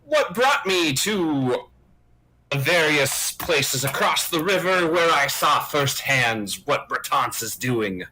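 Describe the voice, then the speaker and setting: A man's voice: on the high side, sing-song, slow pace, pushed and bright, slightly rough, low-quality recording. A man playing a tabletop game, speaking in character as a merchant. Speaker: player voicing a merchant.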